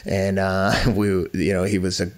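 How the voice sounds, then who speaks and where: A man in his fifties with a fairly low voice talks as a podcast guest. He tells his story bluntly and candidly, mocks himself and swears casually. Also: level tone, a little slow. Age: 50s.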